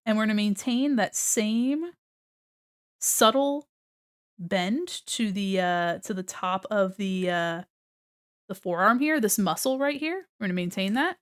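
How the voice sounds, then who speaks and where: A woman live-streaming art critiques in a casual, chatty way. She swears casually and reads chat aloud as she draws. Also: medium pitch.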